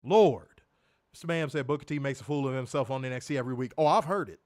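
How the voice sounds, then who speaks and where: This man talks fast in a mid-range voice as he co-hosts a wrestling review show. He rants casually, curses often, does impressions of voices, and breaks into loud laughter, all in an animated way.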